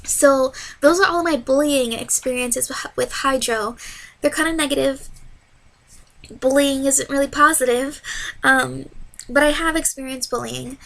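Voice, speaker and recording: A woman's voice: sits high, steady tone, a little slow, gravelly, a bit bright. A young adult woman telling a personal story to camera in a candid, earnest, casual way. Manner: candid and earnest, with frequent fillers. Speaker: vlogger.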